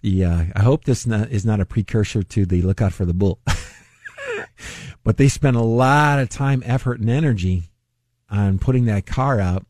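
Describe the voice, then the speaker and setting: A man's voice: on the low side, moderate pace, darkish tone, dry recording, studio quality. A man hosting a finance radio show, talking casually and laughing often at his own jokes. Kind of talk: casual solo talk.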